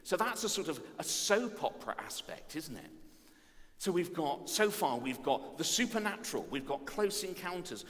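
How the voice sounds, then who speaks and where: A man's voice: a little high, moderate pace. Playful male preacher in a reverberant church. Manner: animated, self-mocking, storytelling. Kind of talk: playful family service talk. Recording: long reverb of a church hall.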